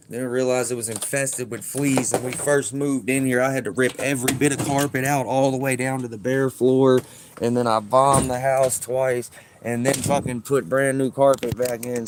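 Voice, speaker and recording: A man's voice: mid-range voice, slight background noise. Rambling, profane man on a phone stream. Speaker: vlogger. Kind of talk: casual livestream chat. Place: home.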